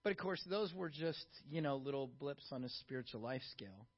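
A middle-aged man preaching a sermon in a conversational, animated way, full of rhetorical questions to the congregation. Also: mid-range voice, brisk. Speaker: pastor. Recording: dull lo-fi sound.

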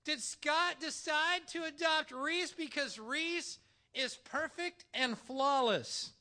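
A man preaching a sermon in a church, animated and emphatic, using dramatic pauses. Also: very high voice. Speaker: pastor.

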